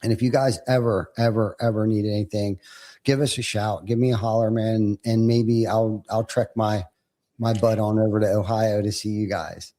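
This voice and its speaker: A middle-aged man hosting a podcast, affirming his guest with quick, friendly agreement. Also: fairly low pitch, fairly even intonation, warm tone. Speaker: podcast host. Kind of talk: casual podcast chat.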